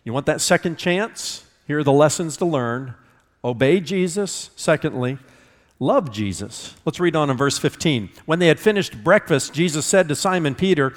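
A man's voice: mid-range voice, expressive, moderate pace, in a large hall. A man preaching a sermon as a pastor, conversational and earnest, acting out dialogue from scripture.

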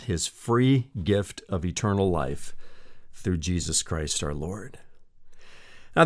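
A male pastor delivers a sermon in an earnest, personal tone, speaking straight to the listener as a friend. His voice sits at an ordinary middle pitch for a man.

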